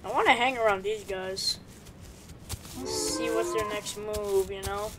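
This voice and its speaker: A woman giving casual gameplay commentary as a gaming channel host, excitable and slangy, shouting and laughing as the action unfolds. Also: medium pitch, measured pace, noisy background. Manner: slangy, calls others bro.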